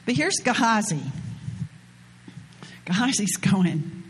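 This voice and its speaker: A woman with a husky, slightly breathy voice delivers a relaxed sermon. She retells the scripture story in a chatty, conversational way, dropping slang asides as she goes. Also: mid-range voice, measured pace, long pauses. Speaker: preacher. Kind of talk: informal sermon with scripture reading.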